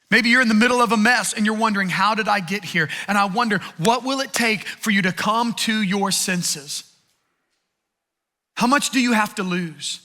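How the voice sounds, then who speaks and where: A man's voice: high voice, pushed and bright. A man pastor giving an earnest, conversational sermon with repeated phrases.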